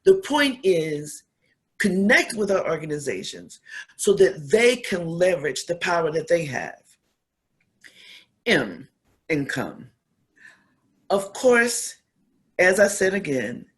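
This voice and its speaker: A woman's voice: on the low side, very animated, slow pace, long pauses. A woman giving an earnest advocacy speech, repeating phrases for emphasis and growing emotional. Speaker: community speaker.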